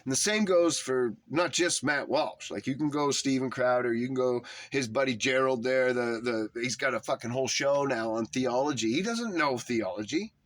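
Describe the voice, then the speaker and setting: A man's voice: medium pitch, normal speed, hardly any pauses, dry recording. Fired-up man ranting with dry sound. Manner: heated, emphatic, swearing often. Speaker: religious commentator. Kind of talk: profane rant to camera.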